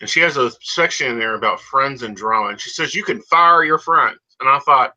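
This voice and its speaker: A man's voice: medium pitch, animated, brisk, few pauses, sharp tone. A man co-hosting a live psychic talk show, speaking emphatically and confidently. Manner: emphatic, confident, calls people honey. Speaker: psychic co-host. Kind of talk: casual chat on a live show. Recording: dull lo-fi audio.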